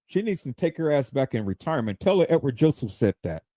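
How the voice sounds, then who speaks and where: Man hosting a livestream in a heated, cursing rant. His pitch swings widely and the sound is dry and close, with no room around it. He stumbles into repeated words when worked up. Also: sing-song, quick pace, mellow, no room sound. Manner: profane, heated, stammering repeats. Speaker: livestream host.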